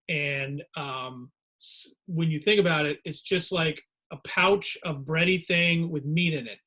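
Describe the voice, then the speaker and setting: Bright-voiced man rambling comically. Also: a little high. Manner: rambling, digressive storytelling. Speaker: host. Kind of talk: comedic monologue.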